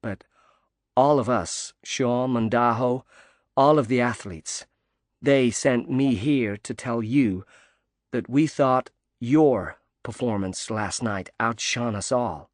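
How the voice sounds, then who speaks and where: A man's voice: mid-range voice, slow pace, dry recording, studio quality, close to an everyday voice. A man voicing a cheery American woman diver. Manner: cheery, warm, emphatic.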